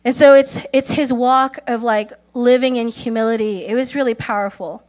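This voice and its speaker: A woman preaching a sermon, telling stories earnestly, calling for amens, and speaking quoted prayers softly. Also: a little high, fairly even intonation, moderate pace. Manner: earnest storytelling, calls for amens; acts out quoted prayers softly, at times in a whisper.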